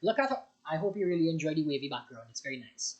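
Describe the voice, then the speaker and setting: A man's voice: a little high, animated, fast, husky, highs cut off. A tired young man hosting a reaction video, rambling in casual commentary after too much coffee. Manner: rambling, restarts often, over-caffeinated. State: tired, short on rest.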